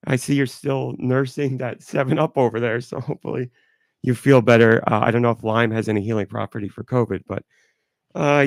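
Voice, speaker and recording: Hoarse, gravelly male podcast host. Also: mid-range voice, no echo, studio quality. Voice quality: stuffy. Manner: rambling, loose and apologetic. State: hoarse and sick. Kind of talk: casual live podcast chat.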